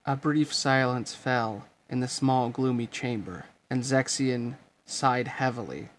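A man's voice: medium pitch, slow, slight background noise. A man reading a story aloud, narrating steadily and voicing the characters. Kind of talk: fan fiction reading.

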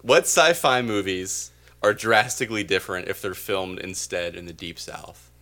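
Man podcast co-host, bright, laughs easily, loose joking delivery. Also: sits low, moderate pace. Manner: joking, laughs often, trails off mid-thought. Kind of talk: casual chat.

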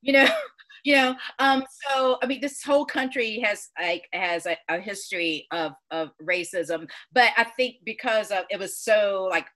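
A woman with a Southern accent chats as an interviewer, her voice bright and forward. She fills her talk with "like" and "you know," keeping it loose and friendly. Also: mid-range voice, normal speed. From Georgia, US South. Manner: chatty and laughing, with many "like"s and "you know"s. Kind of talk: casual conversational interview.

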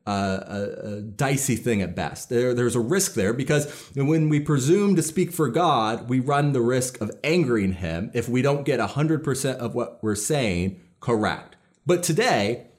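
A man's voice: medium pitch, a little mellow. Earnest man preaching a sermon. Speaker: pastor.

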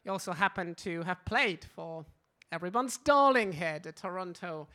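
A man's voice: sits high, animated, normal speed, pushed and bright. A man with a non-native English accent hosting a live panel in an event hall, wry and self-deprecating. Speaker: host.

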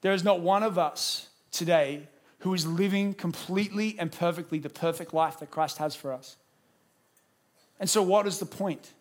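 A man's voice: high-pitched, normal speed. A man preaching a sermon as pastor, acting out little dialogues as he goes.

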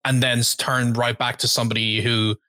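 A man co-hosting a casual video chat, explaining things in a measured way. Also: medium pitch, little pitch movement, pushed and bright, dry recording. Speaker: co-host, language learner.

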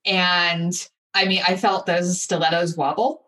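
A woman guest in an interview, telling a personal story candidly and with animated, acted-out asides. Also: fairly low pitch, unhurried, far from the mic. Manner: candid, animated retelling with acted-out inner voices.

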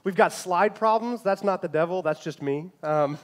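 A pastor addresses his congregation from the front of a church, his voice sitting a little higher than most men's. His delivery is casual and animated, full of jokes and asides to the room, and settles into a quieter tone when he prays. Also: moderate pace. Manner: casual, joking and animated from the pulpit. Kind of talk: sermon. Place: church sanctuary.

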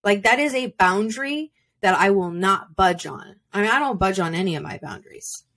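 A woman's voice: medium pitch, expressive, moderate pace, a bit bright. Blunt, profane woman giving a pep talk. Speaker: podcast host. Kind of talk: motivational solo podcast monologue. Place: home without a soundproof room. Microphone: simple home recording setup.

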